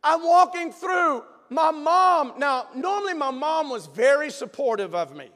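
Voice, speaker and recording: Pastor guy with a really high voice, animated sermon story, long echo in a big church. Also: unhurried. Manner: animated, emphatic, bursts of shouting. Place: church sanctuary. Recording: long reverb of a large hall.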